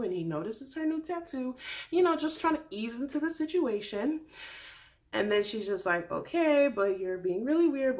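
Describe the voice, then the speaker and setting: A young woman vlogging a casual recap, animated and exasperated, acting out quoted lines in other voices. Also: medium pitch. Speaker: vlogger recapping a reality show.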